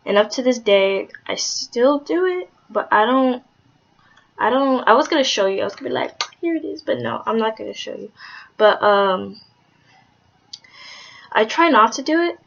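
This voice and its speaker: A young woman talking candidly in a personal vlog, rambling with lots of "like"s and swearing, soft-spoken with hesitant restarts. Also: on the high side, lively intonation, normal speed, gravelly, pauses often. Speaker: vlogger. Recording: dull lo-fi audio.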